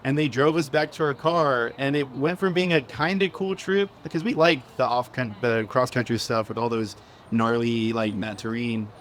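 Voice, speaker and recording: A man on a live panel telling an adventure story in a casual, energetic way. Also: medium pitch, normal speed, a little hiss or hum. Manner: casual, energetic, lots of "dude" and "like". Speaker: panel guest. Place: live event at a cafe.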